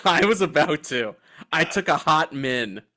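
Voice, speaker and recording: A man co-hosts a movie podcast, trading jokes in easy casual chat. His voice is bright, and his pitch swings all over as he riffs. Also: a little slow. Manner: joking, animated banter. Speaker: podcast co-host.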